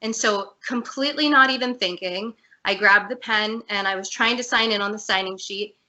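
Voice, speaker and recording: A woman's voice: medium pitch, moderate pace, sharp tone, lo-fi sound. A woman guest on a video-call interview, telling a personal story in a candid, earnest way. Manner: earnest, candid, emotional at times.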